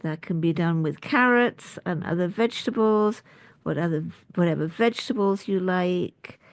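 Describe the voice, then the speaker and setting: A lowish female voice at normal speed, recorded without echo, belongs to a middle-aged English doctor and school principal from the United Kingdom. She talks informally about health to the camera, chatting away with humorous asides.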